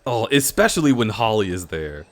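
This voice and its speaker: A man chatting casually on a live stream, telling stories with lots of laughter and jumping up high in pitch whenever he quotes someone. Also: moderate pace. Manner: animated storyteller, laughs often, jumps high in pitch when quoting others.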